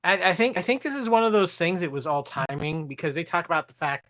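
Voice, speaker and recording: A woman leading a casual fan podcast, her voice a bit low yet bright and tense. She hesitates and restarts often, then passes the turn to her co-hosts. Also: fast, hardly any pauses. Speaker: podcast host.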